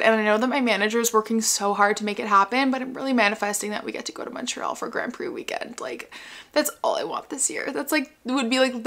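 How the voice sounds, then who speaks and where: A woman's voice: medium pitch, bright, forceful tone. A young woman from Canada chatting casually in a home vlog, full of "like" and "um", a little out of breath. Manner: chatty, lots of fillers like "like" and "um". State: a bit out of breath. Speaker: vlogger.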